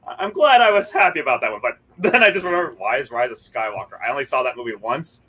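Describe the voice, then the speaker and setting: Bright-voiced rambling man. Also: mid-range voice, expressive, fast talker, husky, rough recording. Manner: rambling, laughing. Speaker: podcast panelist. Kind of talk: casual storytelling.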